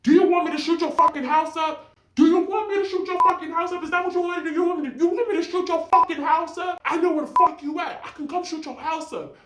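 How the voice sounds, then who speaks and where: A woman's voice: mid-range voice, quick pace, roomy sound, background noise, pitched below the performer's own voice, close to an everyday voice. A woman mimicking her angry young boyfriend ranting and cursing at her over the phone. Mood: threatening.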